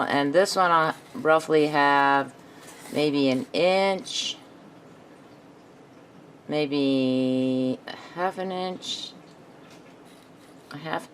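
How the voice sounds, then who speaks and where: Woman craft host, low voice, slow unhurried delivery, thinking aloud at her craft table, faint noise behind. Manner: thinks aloud while working, self-talk. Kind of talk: casual craft tutorial narration.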